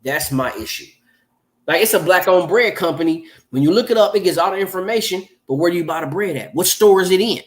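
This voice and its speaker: A man's voice: sits high, a little fast. Teasing man podcast host. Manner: relaxed, teasing, rambles with fillers. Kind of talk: casual round-table chat.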